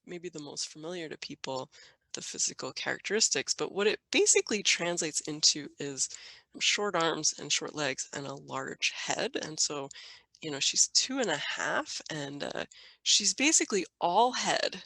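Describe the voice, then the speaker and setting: Bright-voiced woman telling a story. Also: deep voice, animated, moderate pace, gravelly, no echo. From Minnesota. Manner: warm storytelling, laughs often. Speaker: guest parent. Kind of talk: casual interview.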